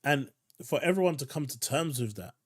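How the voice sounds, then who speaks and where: A man's voice: medium pitch, animated, brisk. Guy hosting a chill gaming chat stream, blunt, stumbles over words when annoyed. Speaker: stream host. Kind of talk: casual chat.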